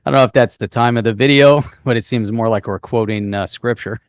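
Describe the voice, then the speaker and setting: A man's voice: mid-range voice, brisk, dry recording. A man co-hosting a casual livestream chat, laughing easily and reading viewer comments. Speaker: co-host.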